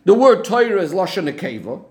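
High-voiced man teaching a text lesson. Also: very animated, fairly quick. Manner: questioning, methodical, rhetorical back-and-forth. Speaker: Torah teacher. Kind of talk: Talmudic-style text analysis lesson.

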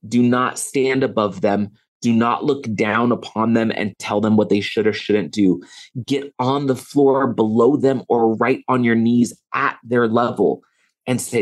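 A middle-aged man, a guest on a podcast, talking earnestly and telling stories with lively quoted dialogue. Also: mid-range voice, measured pace. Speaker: podcast guest, author and speaker. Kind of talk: conversational interview.

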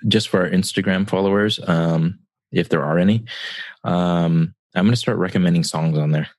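Low-voiced chill guy chatting on a podcast, dry sound. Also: normal speed, a little mellow, dry recording. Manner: laid-back, short replies, teasing. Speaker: podcast co-host. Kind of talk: casual chat.

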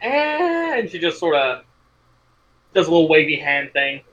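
Casting: tabletop player with a witty, teasing voice that swings widely in pitch. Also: sing-song, a bit bright, dull audio. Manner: joking, quick-witted banter. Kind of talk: tabletop game play.

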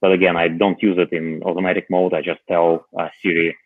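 A man on a podcast panel chatting casually about tech, halting often with filler pauses. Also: deep voice, level tone, no room sound. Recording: tinny phone-like remote line.

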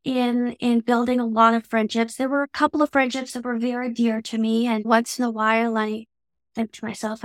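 Canadian woman, Canadian English accent, reflective and unhurried, higher pitch, dry sound. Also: no echo. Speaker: interview guest. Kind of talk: reflective conversational interview.

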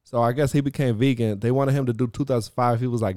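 A young man co-hosting a podcast, telling stories in animated casual chat, swearing and breaking into voices. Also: mid-range voice, quick pace, hardly any pauses, dry recording, clean studio sound. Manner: animated storytelling, swearing, keeps doing voices. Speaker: podcast co-host.

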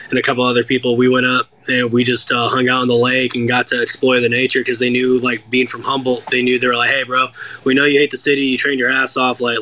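Give me a bright-voiced young American man telling a story. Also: mid-range voice. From United States. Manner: animated, profane, acts out quoted voices. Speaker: guest fighter. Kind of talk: casual interview storytelling.

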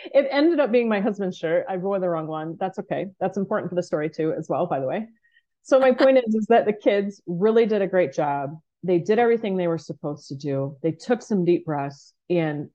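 Woman, softball coach, podcast storytelling, animated quotes, mellow tone, lo-fi sound. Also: on the low side.

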